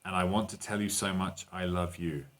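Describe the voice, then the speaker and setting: A man's voice: deep voice, fairly even intonation, normal speed, a bit bright. A man teaching an online English lesson, walking learners through exercises and translating lines into Spanish.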